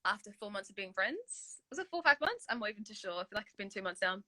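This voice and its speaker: A woman's voice: mid-range voice, very animated, fast talker, pushed and bright, no echo, low-quality recording. A young woman from Australia, co-hosting a casual chat in a rambling way. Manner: rambling, many fillers and restarts. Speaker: co-host.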